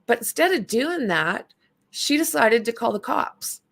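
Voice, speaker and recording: A woman's voice: on the high side, very animated, a little slow, gravelly, fairly bright tone. A woman hosting a casual livestream, commenting bluntly and with indignation while chatting with viewers. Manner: blunt, indignant, talks back to chat. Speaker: livestream host.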